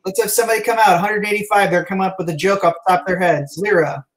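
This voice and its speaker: A man with a high voice hosts a live improv show over a video call. He keeps things moving with brisk, upbeat patter and calls on performers one after another. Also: fairly even intonation, low-quality recording. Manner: quick, upbeat emcee patter calling on performers by name. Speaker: co-host and director of the improv troupe.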